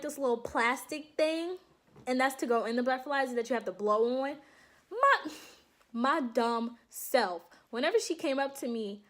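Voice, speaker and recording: A young woman vlogging to her viewers in a casual, animated storytelling way, laughing often and calling them y'all. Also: sits high. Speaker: vlogger recounting her enlistment processing.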